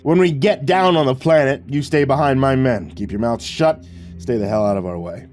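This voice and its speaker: A man's voice: medium pitch, normal speed, a little mellow, soft background music, voice pushed up, lightly acted. A man voicing a domineering, sneering military commander who barks orders and mocks. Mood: commanding. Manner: barking orders, mocking.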